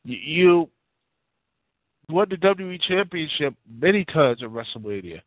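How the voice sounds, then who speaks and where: A man's voice: on the high side, sing-song, moderate pace, no echo. A man hosting a casual call-in talk show, giving rambling, opinionated takes full of fillers and restarts. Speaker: podcast host. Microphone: phone line. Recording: tinny phone-line audio.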